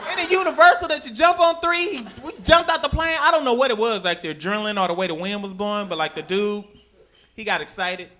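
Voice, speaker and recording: A man performing a stand-up comedy set on a club stage, telling animated stories and jumping into shrieking high voices for his characters. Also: fast talker, noisy background. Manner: animated storytelling, sudden high-pitched shrieks in acted quotes. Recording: live club recording with crowd laughter.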